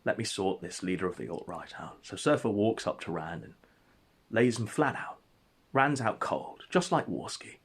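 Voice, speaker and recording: A man telling an absurd story as comedic narration, in a deadpan, mock-epic way. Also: lowish voice, husky.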